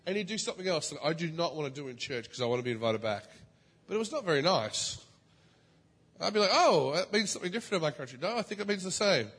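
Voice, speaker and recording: A man preaching a sermon in a church, telling a story in a lively way, rising to loud, high outbursts and dropping to soft, low asides. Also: fast, husky. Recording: long reverb of a large hall.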